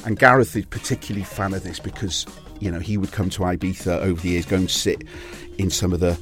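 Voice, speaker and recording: Welsh male guest, low register, chatty storyteller, faint music underneath. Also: steady tone, quick pace, fairly bright tone. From Wales. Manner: rambling anecdotal storytelling, frequent restarts. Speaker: DJ and record label owner, interview guest. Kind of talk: casual interview chat.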